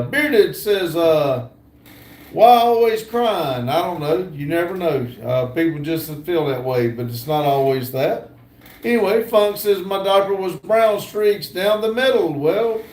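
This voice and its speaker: A man's voice: high-pitched, a little mellow. An older man hosting a casual livestream, reading viewer comments aloud with lots of ums and uhs. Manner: reads viewer comments aloud with many fillers. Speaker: livestream host reading chat. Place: indoor room at a computer. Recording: echoey room.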